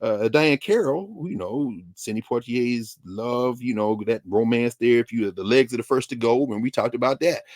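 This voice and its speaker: A man speaking as a guest scholar on a talk show, telling stories in an animated way, acting out quoted exchanges and scattering "you know" through his speech. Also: medium pitch, moderate pace, hardly any pauses, no room sound. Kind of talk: animated talk-radio commentary.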